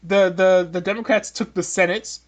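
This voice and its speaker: A high-voiced man hosting a casual opinion podcast. He rambles and jokes, often restarting his sentences. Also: fairly even intonation, moderate pace. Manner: rambling, joking, many restarts. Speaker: podcast host. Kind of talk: casual political opinion talk.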